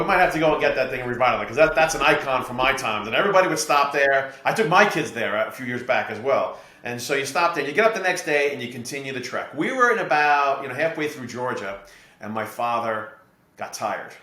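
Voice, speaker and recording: A man's voice: mid-range voice, brisk. Middle-aged man telling a story in an echoey room. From New Jersey, USA. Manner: steady, explanatory, anecdotal. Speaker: guest, real estate investor. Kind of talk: podcast interview storytelling.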